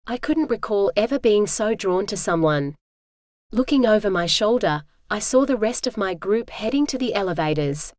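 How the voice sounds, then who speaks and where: A woman reading a romance audiobook in the first person, smooth and measured, on a close mic. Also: medium pitch, animated, darkish tone, dry recording. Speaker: audiobook narrator.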